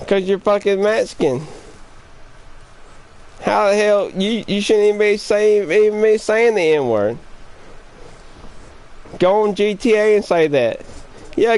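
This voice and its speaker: A man ranting at other players during a live game stream, taunting, profane and repeating his jabs over and over. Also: sits high. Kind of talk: trash-talking live-stream chat.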